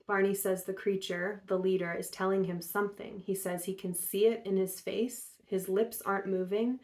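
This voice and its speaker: A woman hosting her own show, casually retelling a story in a chatty way with many fillers. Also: fairly low pitch. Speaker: host.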